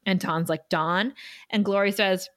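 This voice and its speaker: A woman's voice: medium pitch, unhurried. A woman co-hosting a casual chat show, recapping a TV episode and acting out the characters' lines. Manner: animated, acts out quotes with laughs. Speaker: podcast co-host.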